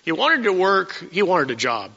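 A high, lively male voice that swings up into emphatic peaks and has a gravelly edge. He is a pastor preaching to his congregation and often stumbles and restarts mid-phrase. The sound is bright but dull and lo-fi, with long reverb from the church hall. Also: normal speed. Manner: animated, rising to emphatic peaks, with frequent restarts. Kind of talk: sermon. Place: church sanctuary.

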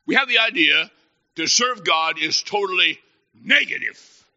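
A man preaching a humorous sermon as a Baptist preacher, telling stories with mock excitement and then dropping to soft, earnest tones. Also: high-pitched, measured pace, highs cut off.

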